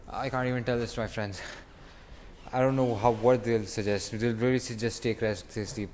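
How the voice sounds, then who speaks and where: A young man vlogs casually outside his home, recorded on a phone app, while suffering stomach pain. His mid-range voice is darkish and fairly even at a normal speed, and he rambles in frustration, pausing now and then to groan.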